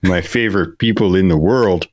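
A man's voice: low voice, moderate pace, darkish tone, dry recording, clean studio sound, lightly acted. A man voicing a friendly, folksy Midwestern man with a put-on Minnesotan accent.

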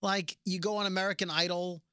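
A New York man with a high, bright voice chats as a show co-host. He jumps into quick impressions of other people. The sound is dry and close. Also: smooth, no room sound. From New York City. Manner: animated, mimics people in quick asides. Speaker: podcast co-host. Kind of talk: casual chat.

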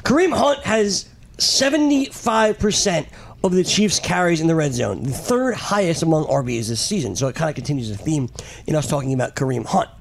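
A man hosting a relaxed sports talk show, his voice swinging up and down with energy. There is a gravelly edge to his tone. He reads figures out briskly and cracks quick jokes. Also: on the high side. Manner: animated stat-reading with quick quips. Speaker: podcast host. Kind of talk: casual sports chat.

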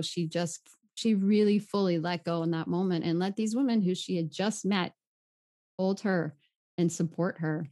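A woman's voice: lowish voice, fairly even intonation, normal speed, warm tone. Earnest woman telling a story. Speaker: retreat leader, guest. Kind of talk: conversational storytelling.

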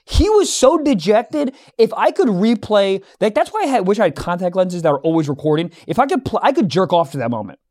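A young man co-hosting a podcast, telling a story in casual chat, animated, acting out both sides of an argument and swearing freely. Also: high voice, brisk, hardly any pauses. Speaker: podcast co-host.

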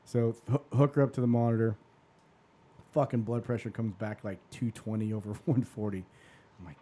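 A man's voice: mid-range voice, moderate pace, warm tone. A man in his forties, a podcast host, telling a long personal story in a rambling, casual way and swearing freely.

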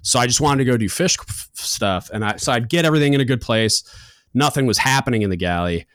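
A man's voice: medium pitch, fast, no room sound, clean studio sound. A man in his thirties, a podcast host, telling a story in casual chat and acting out the voices of others. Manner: animated, acts out quoted voices.

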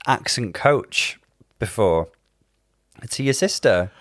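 A man's voice with lively, wide-ranging pitch keeps a casual chat moving. He teases his co-host and prompts him with questions. The recording is dry and close. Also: slow pace, dry recording.

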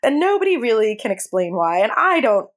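A woman guest telling a personal story in an interview, candid and animated, laughing often. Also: a little high, fairly quick.

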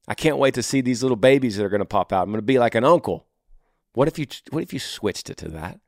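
A male podcast host giving advice in a blunt, earnest and emphatic manner. His voice sits at a medium pitch, and the close studio recording is dry, with no room echo. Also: lively intonation, quick pace, darkish tone.

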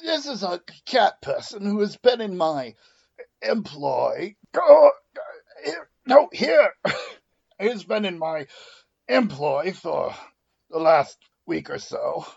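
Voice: medium pitch, sing-song, slow pace, gravelly, muffled recording. A tabletop player speaking in character, stiff and formal, with hesitant fillers. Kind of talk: in-character tabletop role-play.

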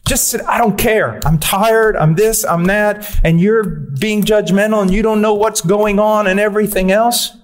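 A man's voice: normal speed, hardly any pauses, lightly acted. An exasperated, worn-out wife snaps back defensively, her voice pushed well above normal, as a male preacher mimics her. She sounds tired and aggrieved, airing her complaints at length. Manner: defensive, raised pitch.

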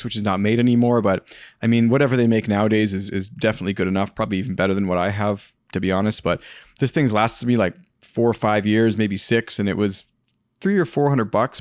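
Podcast host, man, mid pitch, loose off-the-cuff advice, close and dead studio sound. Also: no room sound. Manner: rambling, with many fillers and restarts. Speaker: podcast host answering a listener question. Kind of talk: casual spoken advice. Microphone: studio podcast microphone.

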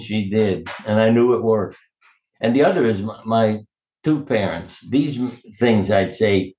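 Older man telling stories, low voice. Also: darkish tone. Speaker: interview guest. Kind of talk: storytelling in conversation. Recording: roomy echo.

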